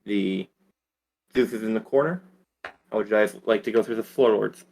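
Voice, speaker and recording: A man's voice: lowish voice, moderate pace, vocal fry, darkish tone. A man narrating as dungeon master for a tabletop game, rambling with fillers.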